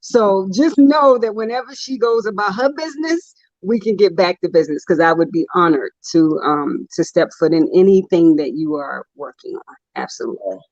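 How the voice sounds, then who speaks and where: A woman's voice: lowish voice, animated, moderate pace, darkish tone, no room sound. Woman guest poet, joking and frank, dry close sound, a bit muffled. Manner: candid, humorous storytelling with laughs. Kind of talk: casual chat.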